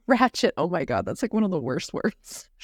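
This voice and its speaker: A fast-talking woman co-hosts a casual podcast chat, laughing easily between points. Her voice sits on the lower side, and the sound is dry with no room echo. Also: big pitch swings, slightly rough. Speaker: podcast co-host.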